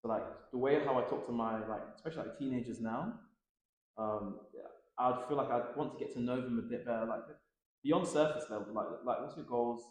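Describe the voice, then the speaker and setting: A man in his thirties, a tennis coach chatting easily as an interview guest, with lots of fillers and quick laughs. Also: mid-range voice, heavy reverb. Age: 30s. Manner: relaxed, filler-heavy, laughs often. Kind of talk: casual interview chat.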